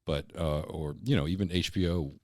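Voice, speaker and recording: Man, podcast co-host, low pitch, relaxed reasoning, casual chat. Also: dry recording, studio quality. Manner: relaxed and reasoning, drawn-out explanations.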